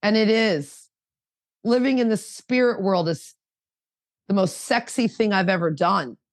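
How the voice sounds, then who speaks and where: A woman's voice: mid-range voice, no echo. Fervent woman in her fifties, dry sound. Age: 50s. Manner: fervent, rapid, rhetorical questions. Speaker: recovery meeting speaker. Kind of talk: emotional recovery share.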